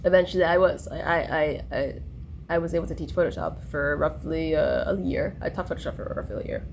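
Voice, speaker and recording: In this personal vlog, a young woman with a low, darkish voice talks a little quickly, her stories meandering with lots of fillers and restarts. There's slight background noise.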